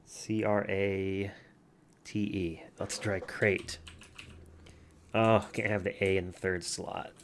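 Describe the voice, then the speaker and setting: A man with a soothing, slightly low voice chats easygoingly at home, sitting a bit back from his computer mic. He plays a word game and talks softly to the cat in his lap now and then. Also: level tone, slow, long pauses, slight background noise. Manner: soft, easygoing, chatting to his cat in a babying voice at times. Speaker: vlogger. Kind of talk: casual chat while playing a word game. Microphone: computer mic from farther back than usual.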